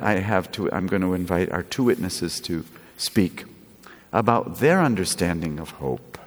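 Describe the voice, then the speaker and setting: Slow-preaching man in a reverberant church. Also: low-pitched. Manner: slow, lively preaching with playful asides. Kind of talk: sermon. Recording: echoey church with long reverb.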